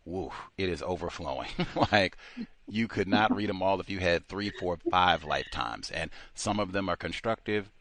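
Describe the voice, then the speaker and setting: A man's voice: low voice, animated, normal speed, fairly bright tone, no echo. A man hosting a radio interview, talking emphatically and animatedly, often breaking into laughter. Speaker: radio host. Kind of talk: call-in interview talk.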